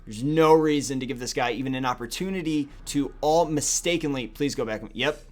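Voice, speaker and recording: A man's voice: mid-range voice, a little fast. A young man giving casual, profane, sarcastic commentary on a card game he is playing, often muttering to himself. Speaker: gaming video host.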